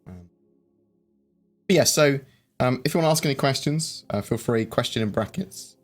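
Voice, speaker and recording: A man's voice: medium pitch, lively intonation, moderate pace. A man hosting a casual live chat, rambling and hesitant, with lots of fillers and restarts. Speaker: livestream host. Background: faint background music.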